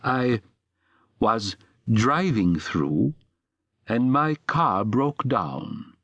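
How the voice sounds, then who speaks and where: A man voicing a strange, hesitant man from afar who speaks in a halting, careful way. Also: medium pitch, big pitch swings, fairly bright tone, dry recording, dull audio, heavily acted. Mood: nervous.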